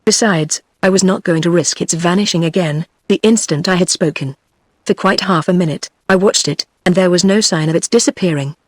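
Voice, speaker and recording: A woman's voice: fairly low pitch, fairly quick, no echo, clean studio sound. A synthetic woman's voice with a British English accent reading an audiobook. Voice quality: synthetic, evenly paced machine voice. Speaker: audiobook narrator. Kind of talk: text-to-speech book reading.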